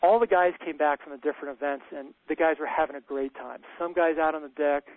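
A man's voice: a little high, steady tone, fast, no room sound. A man telling a candid personal story in conversation, earnest, often stammering and restarting. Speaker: men's retreat leader sharing a story. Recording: tinny phone-like dry sound.

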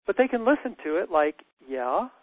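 A man's voice: on the high side, expressive, normal speed, no room sound, narrow, tinny audio. A man speaking thoughtfully in conversation, repeating words as he starts sentences. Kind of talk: reflective conversation.

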